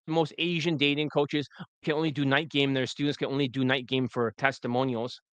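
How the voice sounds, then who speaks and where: A man's voice: medium pitch, flat delivery, fairly quick, fairly bright tone, clean tone, no echo. A man coaching on dating in a livestream replay, blunt and profane, with a loose and rambling delivery.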